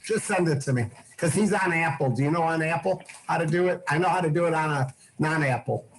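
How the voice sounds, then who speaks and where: A man's voice: on the high side, brisk, a little hiss or hum, poor audio. A man hosting a video call, chatting casually and giving practical, helpful directions.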